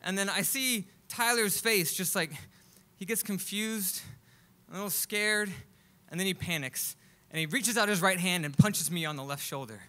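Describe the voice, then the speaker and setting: A man telling a comic personal story live on stage, animated and acting out other people's lines. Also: high voice, normal speed. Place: live stage at a music club.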